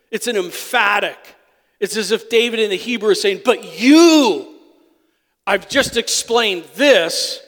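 A man with a high, light voice preaches a sermon, pressing points with loud emphatic bursts and then dropping to quiet asides. His voice rings out with a long reverb from a church hall. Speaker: pastor.

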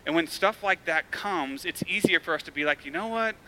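A man's voice: on the high side, fairly quick, pushed and bright. A male pastor preaching a sermon in a casual, conversational way, with emphatic, repetitive build-ups and frequent tag questions. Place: church.

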